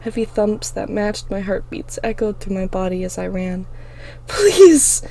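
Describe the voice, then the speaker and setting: A woman reading her own story aloud in the first person, with expressive, emotional delivery. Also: mid-range voice, normal speed, creaky, slight background noise.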